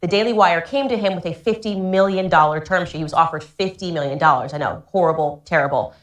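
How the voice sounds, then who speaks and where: A woman's voice: lowish voice, fast talker. A woman political commentator addressing her audience in a firm, pointed, indignant tone. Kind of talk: scripted online commentary. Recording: roomy echo.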